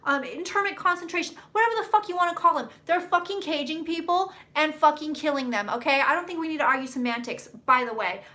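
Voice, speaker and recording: A young woman psychic talks to her live stream audience in loose, run-on bursts, full of swearing and blunt asides. Her voice sits high and sounds bright and sharp. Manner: blunt, profane, rambling and fast. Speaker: psychic doing live predictions.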